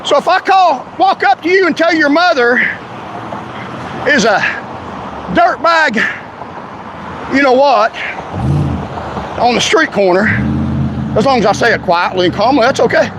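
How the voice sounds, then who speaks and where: A man's voice: extremely high pitch, lively intonation, a little slow, long pauses. Man, angry vlog rant, confrontational, faint traffic noise behind. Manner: heated, indignant, confrontational. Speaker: vlogger ranting to followers. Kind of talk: angry direct-to-camera rant.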